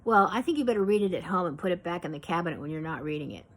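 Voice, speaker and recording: A woman's voice: lowish voice, rapid-fire. A woman voicing a tired, divorced mother who explains things matter-of-factly. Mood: weary. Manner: flat, matter-of-fact.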